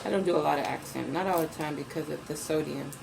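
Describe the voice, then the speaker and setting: A woman's voice: deep voice, quick pace, gravelly, background noise. A woman giving a casual cooking demo from her home kitchen, chatting to viewers as she adds each ingredient. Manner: chatty, addresses viewers as "you guys"; repeats ingredient names as she adds them. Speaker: cooking vlogger.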